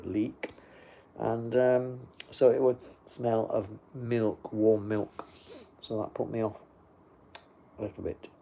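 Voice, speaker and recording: An older livestream host answers live comments into his phone with a low, mellow voice and vocal fry. He's sleepy and yawning, chatting in a casual, dry, rambling manner.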